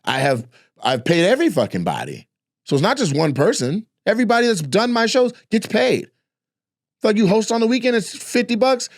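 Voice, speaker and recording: A man's voice: high-pitched, big pitch swings, moderate pace, no echo, clean studio sound. A man, a comedian, delivering a heated, profane, repetitive rant as comedic commentary.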